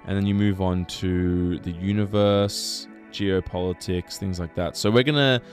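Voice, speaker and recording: Male radio sidekick, very low voice, rambling self-mocking humor, faint music behind. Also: fairly even intonation, unhurried. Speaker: radio drive-time co-host. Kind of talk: playful radio banter. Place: radio studio.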